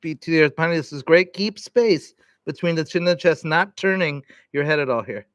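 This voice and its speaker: A man leading a vinyasa yoga class, calmly cueing breath and poses with relaxed encouragement. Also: fairly high pitch, fairly quick, clean tone, no echo. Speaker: yoga instructor.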